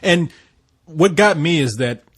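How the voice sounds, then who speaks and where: Male co-host, animated and foul-mouthed, husky, slightly high voice. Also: takes it slowly. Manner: animated, profane, acts out scenes. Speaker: podcast co-host. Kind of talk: casual film review chat.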